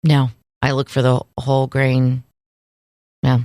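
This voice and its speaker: A woman co-hosting a casual podcast, chatty and quick to laugh. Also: a bass voice, completely flat delivery, darkish tone, dry recording, studio quality. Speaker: podcast co-host. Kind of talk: casual chat.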